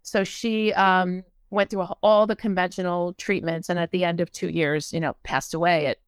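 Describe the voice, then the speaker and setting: An older American woman with a fairly low voice tells her own story, stopping and restarting often and acting out what people said. The sound is dry and close, with almost no room echo. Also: fairly even intonation, clear, resonant tone. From United States. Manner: halting, with many restarts and acted-out quotes. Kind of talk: personal storytelling.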